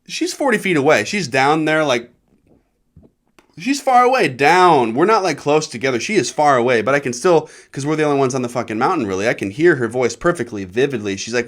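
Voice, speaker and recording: A man's voice: fairly high pitch, big pitch swings, moderate pace, long pauses, a bit bright. A man from Nebraska, a comedian hosting his own show, telling a rambling, profane story. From Nebraska, USA. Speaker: comedian podcast host.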